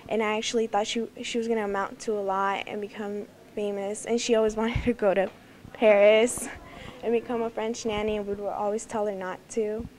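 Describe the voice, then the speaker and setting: A woman's voice: medium pitch, little pitch movement, a little fast, darkish tone. A teenage girl fondly sharing memories of a classmate for a memorial, lightly amused. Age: teens. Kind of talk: memorial tribute.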